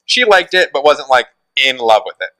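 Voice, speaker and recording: A man's voice: medium pitch, expressive, normal speed, sharp tone, no echo, low-quality recording. A man co-hosting a casual pop culture podcast, talking animatedly and laughing often. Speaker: podcast co-host. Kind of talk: casual chat.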